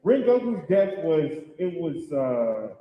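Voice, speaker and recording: A man's voice: a little high, very animated, slow, phone-quality sound. A man moderating a convention panel, upbeat and encouraging toward fans. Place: large convention hall. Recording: echoey hall.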